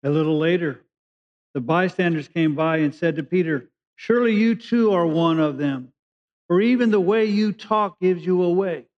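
A man's voice: high voice, moderate pace. A man from California preaching a sermon, reading scripture and explaining it in a conversational way with frequent restarts. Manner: conversational preaching, restarts, rising emphasis on key words. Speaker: pastor. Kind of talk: sermon, Bible teaching. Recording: dull lo-fi recording.

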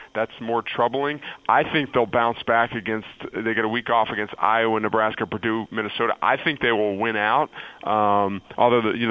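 A man's voice: mid-range voice, lo-fi sound. A man giving college football analysis as a radio guest, often stopping and restarting while he thinks aloud. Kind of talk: sports radio call-in analysis.

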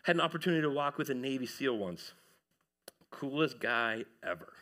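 Bright-voiced pastor preaching. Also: male voice, medium pitch, a little fast. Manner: animated preaching, swings from loud to hushed. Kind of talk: sermon. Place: church.

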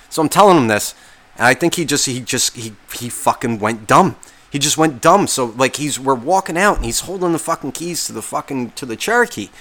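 A man's voice: mid-range voice, bright, forceful tone. Profane, exasperated male podcast host. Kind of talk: casual storytelling rant.

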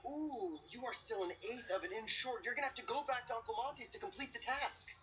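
A man's voice: extremely high pitch, fairly quick, slightly rough, full character voice. An actor playing a cheerful man who hosts a birthday race, with an upbeat announcer's tone. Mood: teasing. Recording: muffled TV audio with loud background noise.

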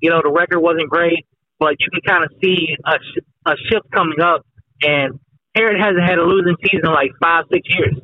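A man's voice: a little high, steady tone, brisk, a little hiss or hum. Male caller on a tinny phone line. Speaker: guest sports reporter. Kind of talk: casual phone-in chat. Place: on the road, heading to work.

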